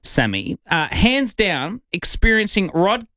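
A man's voice: high voice, slow pace, dry recording. A man with an Australian accent hosting a radio show, talking with enthusiasm in a studio. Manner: lively, enthusiastic. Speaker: radio host. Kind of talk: casual radio chat. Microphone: studio mic.

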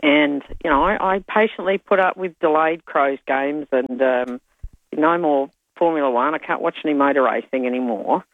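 A woman's voice: low voice, normal speed, dry recording. An older woman with an Australian accent calls in to a radio show, chatting in a rambling way with many ums. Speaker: caller. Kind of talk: casual chat. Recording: phone line.

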